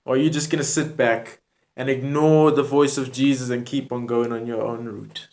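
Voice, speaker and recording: A man preaches in spoken word style, his voice sitting at an ordinary middle pitch. He speaks earnestly and pleadingly straight to the listener, circling back to the same lines again and again. The sound is close and plain, like a video made at home. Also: little pitch movement, normal speed, darkish tone. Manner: earnest, repetitive, pleading address to the viewer.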